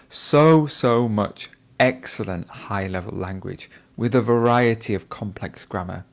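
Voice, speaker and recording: A man teaching, giving measured feedback on a speaking test performance. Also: fairly low pitch, vocal fry. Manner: measured, evaluative commentary.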